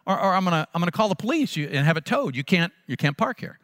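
A man voicing his eighty-year-old father-in-law, dropping to a lower, calm, measured voice. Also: no room sound, studio quality. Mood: firm. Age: 80s.

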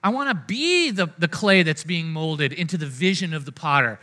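A man preaching a sermon in a casual, conversational way, often checking in with the congregation and moving between loud, energetic lines and hushed ones. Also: on the high side, moderate pace. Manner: conversational preaching, frequent "right?" and "amen?" asides to the congregation. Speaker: pastor.

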